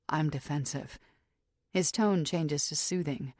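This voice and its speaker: A woman narrating an audiobook in a measured, tense first-person voice. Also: sits low, darkish tone, no echo, studio quality. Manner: measured, tense inner monologue.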